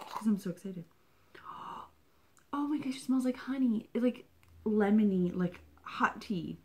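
A woman reviewing a subscription box in a chatty, excitable unboxing vlog, dropping into whispers and gasps. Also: fairly high pitch, normal speed.

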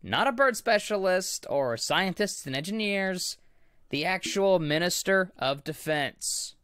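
A man's voice: high voice, lively intonation, a little slow, sharp tone, clear, resonant tone, no room sound, clean studio sound. A man co-hosting a podcast, telling a history story casually with asides and easy laughter. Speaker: podcast co-host.

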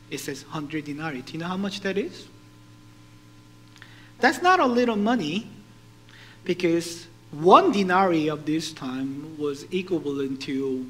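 A male pastor preaching a sermon, animated and putting questions to his congregation. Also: on the high side, slight background noise, rough recording.

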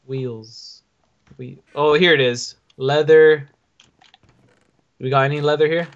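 Young man, slightly raised pitch, practical step-by-step talk, casual gaming chat, dull lo-fi audio. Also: fairly even intonation, slow pace. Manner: practical, explains steps. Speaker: co-player.

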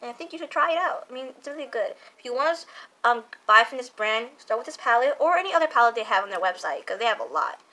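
A woman's voice: on the high side, lively intonation, fast talker, sharp tone. A young woman chatting casually as a makeup vlogger, gushing and repeating herself, full of fillers. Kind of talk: casual chat reviewing makeup.

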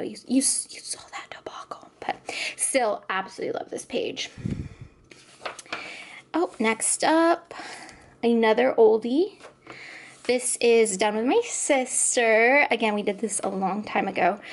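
A woman hosting her own coloring channel, gushing about finished pages in a casual show-and-tell, sometimes sinking to near-whispers. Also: medium pitch. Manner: gushing, enthusiastic, often drops to near-whispers.

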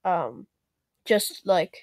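A woman's voice: fairly low pitch, lively intonation, extremely slow, no echo. Young woman podcast co-host, rambly and giggly, dry sound. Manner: rambling, full of fillers and laughs. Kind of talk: casual chat.

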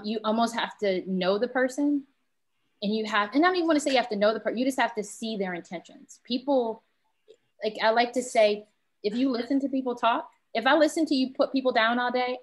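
Candid woman panelist telling stories. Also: medium pitch. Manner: candid, storytelling, quotes friends and family. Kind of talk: round table discussion.

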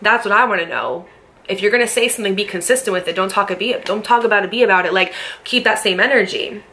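A young woman telling a personal story straight to camera with a bright, forceful voice. She is heated and blunt, swearing freely and firing off rhetorical questions. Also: mid-range voice, fast talker. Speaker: storytime vlogger. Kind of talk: casual storytelling.

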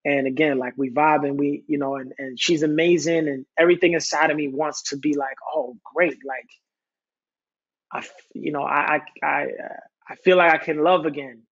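A man's voice: on the high side, fairly even intonation, normal speed, fairly bright tone, husky, lo-fi sound. A man guest on a podcast, candidly telling a personal story in an earnest, rambling way. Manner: earnest, rambling, reciting his own lyrics. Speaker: podcast guest, singer-songwriter.

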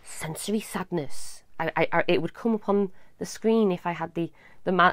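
A woman, hosting a live advice talk for children, affectionate and animated. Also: fairly low pitch, normal speed, no room sound, studio quality. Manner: animated, affectionate, addresses viewers as little loves. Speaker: advice show host.

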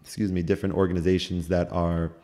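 Deep-voiced young man rambling casually. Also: little pitch movement, fast, dark tone. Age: young adult. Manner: rambling, repeats words, laughs while telling stories. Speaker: podcast guest. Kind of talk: casual podcast chat.

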